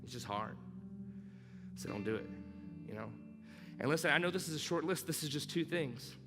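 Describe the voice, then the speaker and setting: A man's voice: on the high side, lively intonation, normal speed. Male pastor, emphatic sermon delivery in a reverberant church with backing music. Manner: emphatic, repeats key lines, rises to loud urging. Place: church hall.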